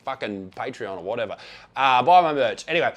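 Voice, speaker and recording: A man's voice: mid-range voice, lively intonation, a little fast. A man with an Australian accent giving a blunt, profane and sarcastic travel review. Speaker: travel vlogger.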